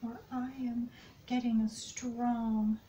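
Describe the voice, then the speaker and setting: A woman reads tarot cards in a soft voice that keeps sinking to a whisper. Her delivery is slow and even, with a flat melody and a mellow, dark tone. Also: a little high, highs cut off, a little hiss or hum. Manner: soft-spoken, slips into whispers often. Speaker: tarot and astrology reader. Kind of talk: intuitive tarot card reading.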